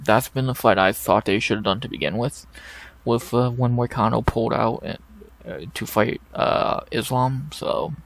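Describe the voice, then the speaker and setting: A man's voice: medium pitch, vocal fry, no room sound. A man hosting a casual fight recap, blunt and profane, ranting in exasperation into a desk microphone. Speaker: MMA podcast host.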